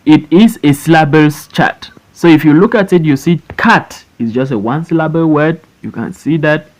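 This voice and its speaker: For an online lesson voice-over, a man with a fairly high pitch and a moderate pace leads a slow classroom phonics session. He breaks words apart syllable by syllable and says them again for the learners, and the recording is rough.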